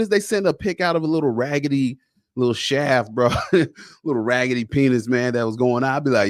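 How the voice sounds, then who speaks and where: A man hosting a podcast in a casual, animated monologue, slangy and acting out bits of dialogue. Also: mid-range voice, a little fast, no echo, studio quality. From United States. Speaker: podcast host.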